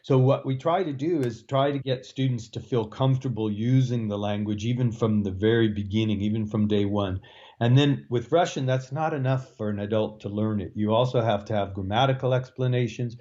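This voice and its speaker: A man's voice: mid-range voice, warm tone, muffled recording. A man, a Russian language professor explaining his teaching in an interview, with frequent fillers and restarts. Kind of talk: interview answers.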